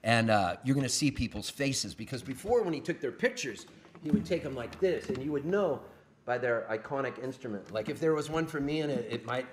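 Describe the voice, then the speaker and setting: A man's voice: medium pitch, lively intonation, fairly quick, slight background noise. A man, a singer-songwriter, playing guitar live, singing and telling wry, self-mocking comic stories. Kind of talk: live song and comic storytelling.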